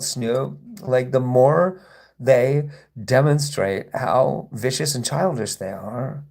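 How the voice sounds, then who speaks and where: A man hosting a casual livestream, rambling and sarcastic as he reads and answers chat comments. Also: mid-range voice. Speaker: livestream host.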